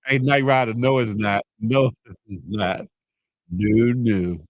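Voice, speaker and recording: A man hosting a casual live morning show, chatting with viewers, laughing often and animated as he reads their comments. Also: lowish voice, slow, no room sound, poor audio. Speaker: livestream morning show host.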